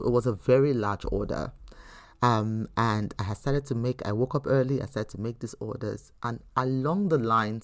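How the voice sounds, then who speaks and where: A woman hosting a faith teaching podcast who talks earnestly and conversationally, telling personal stories with frequent restarts. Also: very deep voice. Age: adult. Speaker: podcast host.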